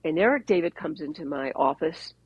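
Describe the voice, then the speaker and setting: A woman, an advertising executive, telling animated stories with wry jokes as a podcast guest. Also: low voice, fairly quick, husky, no room sound, highs cut off. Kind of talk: conversational storytelling. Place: podcast interview.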